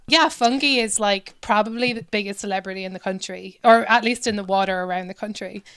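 A woman's voice: medium pitch, a little fast, a bit bright, smooth. A woman from Ireland with an Irish accent, a contestant chatting with amusement. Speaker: quiz contestant. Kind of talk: casual chat.

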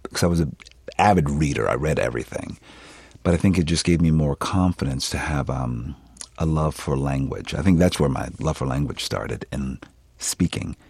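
This very deep, creaky voice has a breathy edge and moves at a moderate pace, with a dry recording. It belongs to an actor from Philadelphia, USA, in his fifties, chatting about his craft in an interview. He tells stories expressively and laughs along the way.

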